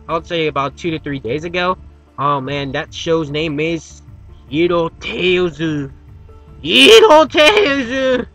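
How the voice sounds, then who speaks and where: A man hosting a casual anime review video, talking in an energetic, rambling way. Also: on the high side, poor audio.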